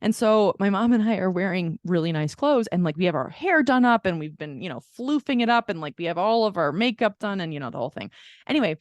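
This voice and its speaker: A woman's voice: mid-range voice, fast, dry recording. A woman co-hosting a podcast, telling a long story in casual chat and acting out the people she quotes. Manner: animated storyteller who acts out quoted people. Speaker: podcast co-host.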